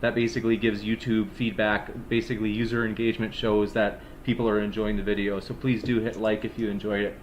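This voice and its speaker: A man's voice: fairly low pitch, level tone, brisk, hardly any pauses, a little hiss or hum. A man hosting and moderating a live-stream debate, reading viewer messages in an easygoing, filler-heavy way and hurrying things along. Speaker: debate moderator and channel host.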